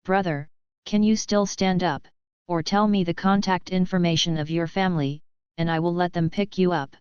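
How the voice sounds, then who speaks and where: A practical young shop owner, read by a woman narrator, speaking plainly and matter-of-factly. The voice is low, very clear and dry, with a slightly dull recording. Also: fairly even intonation, moderate pace, darkish tone, no room sound, lightly acted.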